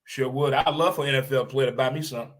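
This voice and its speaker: Male podcast host, solo rant, mid-pitched, blunt and emphatic, repeats lines for effect. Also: rapid-fire, fairly bright tone. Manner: blunt, occasional swearing.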